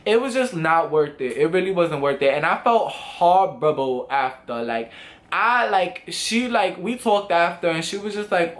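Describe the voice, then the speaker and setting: A young man telling a storytime vlog in a casual, animated way, full of swearing and acted-out quotes. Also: sits high, moderate pace. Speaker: vlogger.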